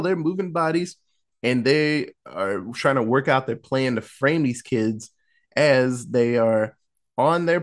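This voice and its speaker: A man casually recapping a horror film in a podcast chat, acting out the characters' lines with laughs and profanity. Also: mid-range voice. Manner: animated storytelling, acting out quotes, laughing, profane.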